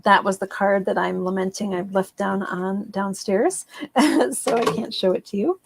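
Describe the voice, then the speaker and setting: A woman's voice: medium pitch, a little slow, creaky. A woman demonstrating card making in a casual live craft session, chatty and rambling, with frequent ums and laughs at her own slips.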